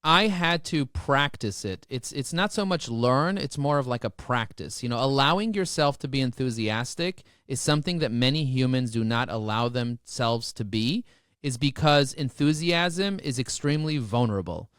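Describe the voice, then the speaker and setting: A man's voice: medium pitch, normal speed, clean tone, no room sound, studio quality. A man telling stories with great enthusiasm as a guest in a podcast interview. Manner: enthusiastic, excitable storyteller. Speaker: business guest.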